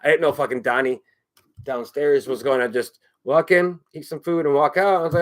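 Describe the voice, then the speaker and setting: A man's voice: medium pitch, brisk. A man chatting casually on his own, rambling, swearing often and repeating himself. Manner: rambling, profane, repeats phrases. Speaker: streamer.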